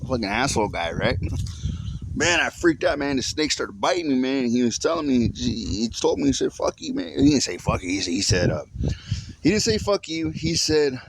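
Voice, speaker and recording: A man's voice: mid-range voice, sing-song, normal speed, creaky, background noise. Rambling man telling a story outdoors. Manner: rambling, repeats himself, swears casually. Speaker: vlogger. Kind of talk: casual storytelling.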